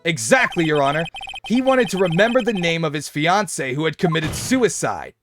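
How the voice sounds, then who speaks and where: Man voicing a young defense lawyer, earnest, determined, eager, high bouncy voice. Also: big pitch swings, moderate pace, over music.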